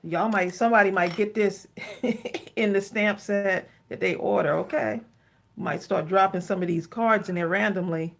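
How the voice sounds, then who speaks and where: A woman's voice: mid-range voice, steady tone, normal speed, gravelly. A woman from Long Island with a slight New York accent, chatting casually and laughing as she crafts on a live stream. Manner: chatty, laughs often, says y'all. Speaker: co-host crafter.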